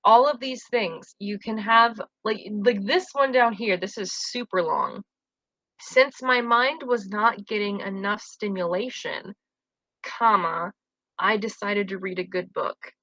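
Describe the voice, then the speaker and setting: A young woman talks through a recorded grammar lesson like a teacher addressing her class, friendly and explanatory. Her voice is bright and forward. The sound is close and dry, with almost no room around it. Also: mid-range voice, a little slow, no echo, poor audio. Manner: friendly, explanatory, casual fillers.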